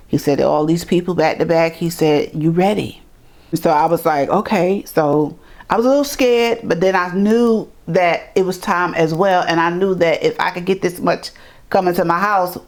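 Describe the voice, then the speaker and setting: A middle-aged woman from New York telling her life story in an interview, animated and acting out the people she quotes. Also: on the low side. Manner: animated, acts out quoted voices, repeats words. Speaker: interview guest. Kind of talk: storytelling in conversation.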